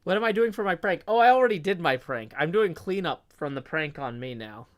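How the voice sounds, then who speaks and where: A man's voice: fairly high pitch, expressive, fairly quick. Chatty man live-streaming a game. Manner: chatty, reads tips aloud, counts under his breath. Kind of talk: casual live-stream chat.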